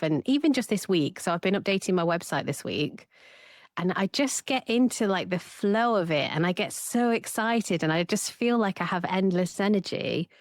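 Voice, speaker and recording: A woman, a therapist co-hosting a casual podcast chat and lively acting out her own inner voice. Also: on the low side, no echo, studio quality.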